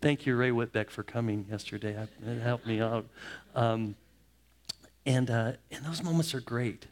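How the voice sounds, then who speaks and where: A man in his fifties, a pastor, preaching a sermon in a personal, heartfelt way, telling family stories with pauses and restarts. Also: mid-range voice, steady tone.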